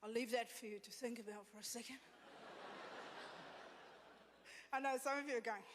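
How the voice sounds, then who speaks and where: A woman's voice: a little high, takes it slowly, long pauses. A woman from South Africa with a South African accent, doing a blunt, self-deprecating stand-up set on a comedy stage. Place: comedy stage before an audience. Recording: live venue with long reverb and faint room noise.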